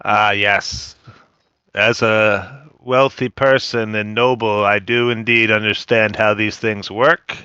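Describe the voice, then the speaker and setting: A low-pitched man with a bright, forceful tone, playing a noble at the game table with playful haughtiness. The sound is dry and muffled, like a lo-fi mic. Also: level tone, takes it slowly, clean tone, dry recording. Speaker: player. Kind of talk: playing his character at the table.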